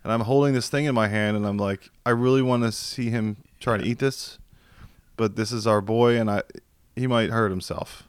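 A man with a smooth, resonant voice, a podcast guest recounting a wild night in a casual chat. He speaks over a video call, and the sound is dry and close. He acts out every quoted voice and swears freely. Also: on the low side, steady tone, moderate pace, no room sound.

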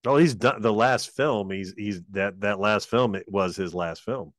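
A man in a casual chat, easygoing and a bit hesitant, often pausing with fillers. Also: lowish voice, a bit bright, no echo, clean studio sound.

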